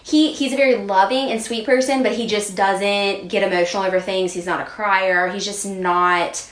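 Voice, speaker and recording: A woman co-hosts a podcast with a medium-pitched voice at a moderate pace, telling funny stories in a casual, animated way and laughing often. The recording has a roomy echo.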